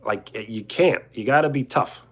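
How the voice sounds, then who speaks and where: A man's voice: medium pitch, moderate pace, a bit bright. A young man casually chatting on a livestream, reading viewer questions and joking around with chuckles. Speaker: livestreamer answering chat. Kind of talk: casual live chat.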